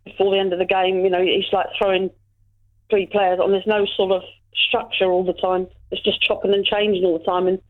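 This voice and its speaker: A woman's voice: medium pitch, flat delivery, fairly quick. A woman calling in to chat about football, hesitant and full of fillers. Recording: tinny phone line.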